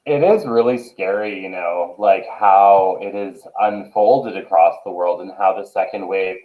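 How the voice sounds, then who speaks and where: A low-pitched man chats on a show, agreeing readily and padding his talk with fillers. His voice comes through a thin, phone-like line. The room around him is echoey. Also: unhurried. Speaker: co-host. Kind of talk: casual chat.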